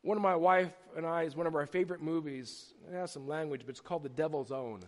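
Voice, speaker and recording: Animated preacher in an echoing hall. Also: male voice, on the high side, fast. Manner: animated storytelling with repeated restarts. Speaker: pastor. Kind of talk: sermon. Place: church sanctuary. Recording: long hall reverb.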